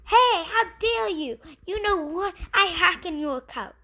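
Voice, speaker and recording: An indignant rival boy gamer and hacker, voiced by a woman, squeaks out his outrage very high. He sounds shrill and fussy. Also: expressive, unhurried, sharp tone, full character voice.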